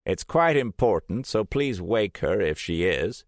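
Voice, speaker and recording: A man's voice: lowish voice, sing-song, measured pace, dry recording, clean studio sound, voice pushed up. A man voicing an urgent, commanding professor. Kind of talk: audiobook character voice.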